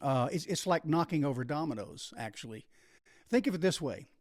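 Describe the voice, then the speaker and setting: A man's voice: a little high, expressive, brisk, no echo, clean studio sound. Emphatic male videocast host. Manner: emphatic, explanatory. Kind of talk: solo explanatory talk.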